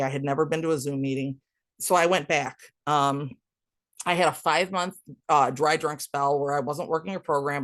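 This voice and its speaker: A woman's voice: deep voice, no room sound. A woman speaking as a podcast guest, telling her recovery story in a raw, blunt way, swearing freely and talking straight to the listeners. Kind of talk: candid storytelling monologue.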